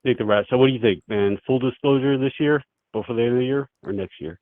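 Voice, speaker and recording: Over a tinny phone connection, a US caller rambles through a casual chat in a crude, relaxed manner full of fillers. He talks fast in a mid-range voice, and the recording is dry.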